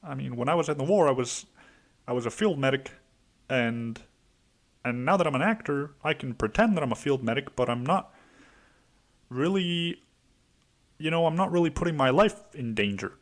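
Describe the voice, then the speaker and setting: A man doing a comic impression of an earnest male actor who was once an army field medic, talking in rushed, halting restarts. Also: mid-range voice, lively intonation, voice pushed up, close to an everyday voice.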